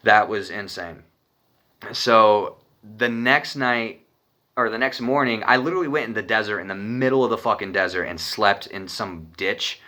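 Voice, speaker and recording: A man's voice: on the low side, normal speed, pushed and bright. A young man from Arizona telling a personal story in a rambling, profane, casual way. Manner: profane, rambling, laughs when nervous.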